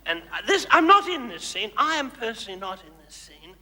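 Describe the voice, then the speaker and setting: Comedy stage: a man as a very high-voiced, condescending housewife megastar, in a reverberant hall. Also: sing-song, brisk, sharp tone, heavily acted. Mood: gushing. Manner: theatrical, condescending, gushing endearments. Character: flamboyant gushing suburban housewife turned megastar, woman. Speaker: host directing audience volunteers. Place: large hall.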